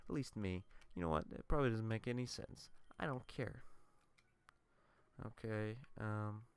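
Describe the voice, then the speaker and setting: Man, low voice, smooth and clear, casual let's play commentary, rambling, swears a lot, tired. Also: a little slow. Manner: rambling, profane storytelling with tangents.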